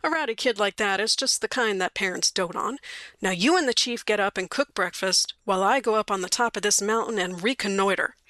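Woman reading a cool-headed outlaw man, folksy and dry, in her own bright tone. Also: medium pitch, fairly quick, dry recording, lightly acted. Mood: wry. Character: wry grown male kidnapper, talky and cool.

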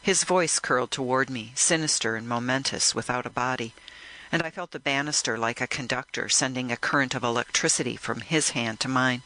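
A man narrating a first-person audiobook in a measured, reflective way. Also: medium pitch, sharp tone, low-quality recording.

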